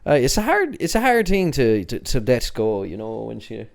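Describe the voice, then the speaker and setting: Podcast host, male, rambling banter, lively pitch. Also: moderate pace, gravelly. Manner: rambling, laughs often. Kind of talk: casual podcast chat.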